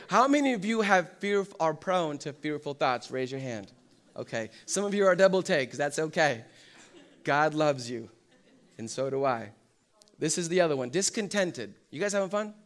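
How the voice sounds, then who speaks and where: A young man preaching a sermon in church, telling funny stories with lots of energy and acting out the quotes. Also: on the high side. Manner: animated storytelling, acts out quotes and jokes. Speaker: pastor. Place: church hall.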